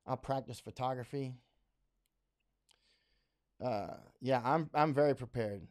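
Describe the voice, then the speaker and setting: A middle-aged man from the United States runs a live stream, giving unscripted commentary that is blunt, emphatic and full of repetition to make his points stick. He speaks slowly at a medium pitch, his voice a little mellow.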